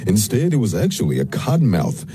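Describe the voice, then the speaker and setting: A man's voice: fairly low pitch, huge pitch swings, a little fast, mellow. A man reporting a TV news story in a punchy, polished scripted delivery.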